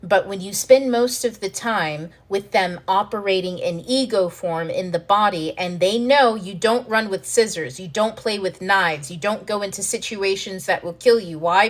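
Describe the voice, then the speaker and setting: A woman hosting a self-help video, explaining ideas in a frank, animated way, swearing freely and acting out panicked inner voices. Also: mid-range voice, normal speed. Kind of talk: casual teaching monologue to camera.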